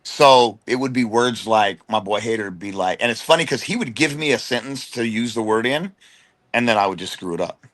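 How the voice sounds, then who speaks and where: In a lowish voice, this middle-aged wrestler from the United States spins stories as a guest in a casual conversation, full of slang and energy, breaking into quick impressions now and then.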